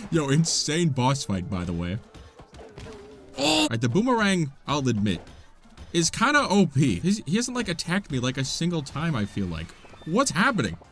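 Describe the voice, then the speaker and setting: Excitable, animated young-sounding man gaming. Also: on the high side, moderate pace, soft background music. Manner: excitable, yelping, swearing cut short. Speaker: gaming YouTuber. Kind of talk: casual gameplay commentary.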